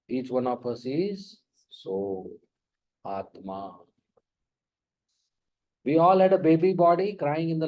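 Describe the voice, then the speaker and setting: A man giving a spiritual talk, slow and emphatic, often questioning his audience. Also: fairly high pitch, warm tone, poor audio. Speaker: spiritual lecturer. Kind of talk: sermon.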